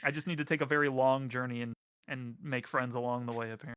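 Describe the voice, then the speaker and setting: Bright-voiced, hesitant man co-host. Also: mid-range voice, fairly even intonation, fast, clean tone. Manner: hesitant, self-deprecating. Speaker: streamer co-host. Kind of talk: casual chat on a livestream. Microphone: streaming mic.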